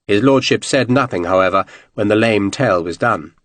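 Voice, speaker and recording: A man reading an audiobook in expressive, scripted narration. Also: lowish voice, brisk, dry recording.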